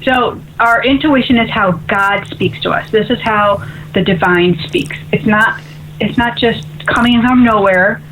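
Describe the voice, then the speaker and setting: A woman's voice: mid-range voice, unhurried, a bit bright, a little hiss or hum. A woman hosting a call-in spiritual radio show as an intuitive medium, talking in an upbeat, chatty way and often asking "right?". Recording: tinny phone-like radio audio.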